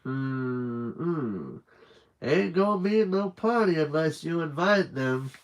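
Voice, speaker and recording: A man voicing a gentle but firm old woman in soft, folksy speech. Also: fairly high pitch, very animated, slow, pitched above the performer's own voice, heavily acted.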